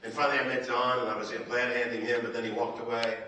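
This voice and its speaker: A man giving a conference keynote, telling a story with animated, acted-out quotes from the stage. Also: medium pitch, very fast, slight background noise. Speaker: keynote speaker. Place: large conference hall. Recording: echoey hall, mic from a distance.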